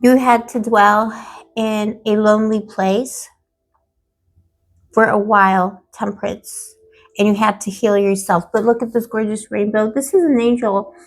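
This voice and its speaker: Hoarse woman giving an affectionate tarot reading. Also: medium pitch, level tone, unhurried. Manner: affectionate, calls the viewer boo-boo and baby; dramatic, playful asides. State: hoarse, losing her voice. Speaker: tarot reader.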